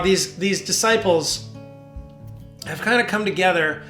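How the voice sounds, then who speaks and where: A man's voice: a little high, measured pace. Rambling man hosting a devotional. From New Jersey. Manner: relaxed, rambling, with fillers. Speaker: worship leader and devotional host. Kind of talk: casual devotional talk. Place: home basement studio. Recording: roomy studio with soft guitar.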